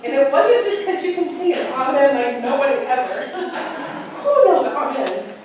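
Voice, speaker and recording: Animated joking woman in an echoey hall. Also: sits high, unhurried. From Utah, United States. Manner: animated, self-mocking, laughs often. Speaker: vestry member giving a farewell speech. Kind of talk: casual humorous speech to a congregation. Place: church hall in front of a gathering. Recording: echoey hall, distant mic, faint hiss.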